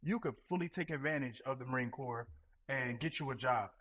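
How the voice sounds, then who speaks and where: A man's voice: mid-range voice, a little fast, a bit bright. A man guesting on a podcast, talking in emphatic, slangy casual chat. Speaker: guest, Marine gunnery sergeant.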